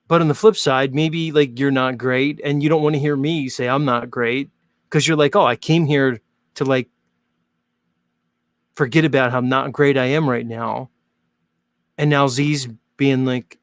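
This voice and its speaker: A man's voice: mid-range voice, gravelly, no echo. A man hosting his own show, talking casually to viewers in a rambling, joking way full of fillers. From Northern Hemisphere. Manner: chatty, rambling, jokey, many "like" fillers. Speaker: host.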